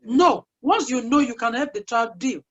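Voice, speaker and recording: Lively intonation marks this woman's somewhat high, slightly bright voice as she speaks at normal speed. As a guest speaker, she gives an earnest, chatty parenting talk full of personal stories, captured with dull lo-fi sound.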